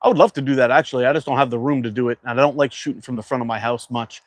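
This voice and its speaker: A man's voice: mid-range voice, rapid-fire, dry recording. Laid-back man chatting on a livestream. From Canada. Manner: chatty, reads viewer comments aloud; laid-back, rambling with fillers. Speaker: livestream host. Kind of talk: casual livestream chat.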